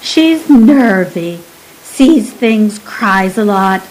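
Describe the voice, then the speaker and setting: A woman's voice: medium pitch, lively intonation, drawn-out words, darkish tone, rough recording. A woman doing a sullen nanny. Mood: glum. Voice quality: rough working-class speech, clipped and sulky. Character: sullen young Victorian nanny Jane, sly and cruel.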